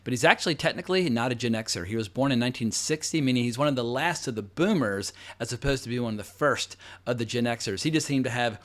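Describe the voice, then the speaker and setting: A man in his forties hosts a casual film commentary, drifting through asides in a chatty, rambling flow. His voice sits at an ordinary middle pitch. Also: fast, hardly any pauses, fairly bright tone. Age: 40s. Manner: rambling, conversational, with asides and fillers. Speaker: host.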